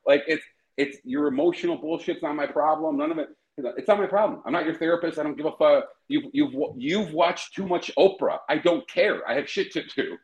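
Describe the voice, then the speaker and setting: A man's voice: a little high, expressive, moderate pace, reverberant, poor audio. A man hosting a podcast in casual chat, profane and rambling, often breaking into laughter. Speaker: podcast host.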